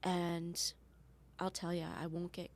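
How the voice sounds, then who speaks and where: Plainspoken Canadian woman, low voice. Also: flat delivery, takes it slowly. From Ontario, Canada. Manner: earnest, plainspoken storyteller. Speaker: guest, police officer. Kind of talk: casual interview chat.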